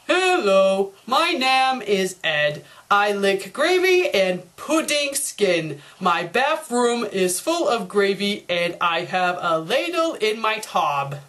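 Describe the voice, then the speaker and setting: A dim-witted, goofy cartoon boy who drawls his words slowly and dopily, put on by a woman. The voice is set a little lower than her own and sounds pushed away from the mic. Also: sing-song, fairly bright tone. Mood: dopey. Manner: slow, dopey delivery.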